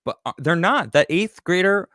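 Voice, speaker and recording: Man, host, animated and joking, swooping pitch, dry sound. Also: normal speed, dry recording. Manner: animated, jokey, emphatic. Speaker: podcast host reading super chats. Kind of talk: casual political chat.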